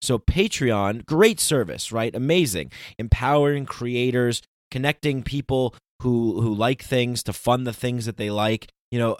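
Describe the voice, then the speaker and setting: A man hosting a podcast rants with lively energy, swinging from casual asides to heated outbursts. His voice sits at an ordinary middle pitch and comes across dry and close, with no room echo. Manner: animated, ranting, conversational. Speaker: podcast host. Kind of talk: solo podcast intro.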